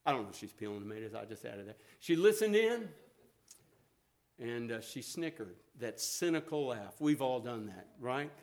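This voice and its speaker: Middle-aged male preacher, expressive pitch, folksy storyteller, warm humor. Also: moderate pace. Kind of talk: sermon.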